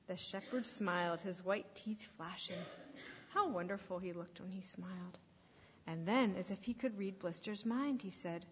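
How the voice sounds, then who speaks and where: Woman, children's storyteller, expressive, hushed whispers, breathy voice, echoey hall, dull lo-fi sound. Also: mid-range voice, unhurried.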